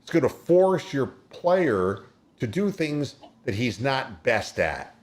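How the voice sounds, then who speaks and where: A sports radio host in casual talk, retelling games play by play like a storyteller. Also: male voice, mid-range voice, very animated, takes it slowly, a little mellow.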